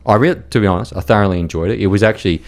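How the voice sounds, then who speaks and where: Podcast guest: man, low-pitched, blunt, profane, rambling storyteller. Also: very fast. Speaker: podcast guest, war reporter. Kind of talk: casual storytelling chat.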